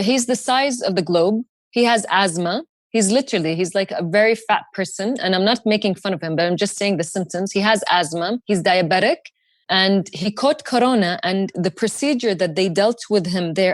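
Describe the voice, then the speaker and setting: A young woman guest telling a story with fierce, fast, sarcastic intensity. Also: medium pitch, dry recording. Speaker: podcast guest. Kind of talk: impassioned storytelling.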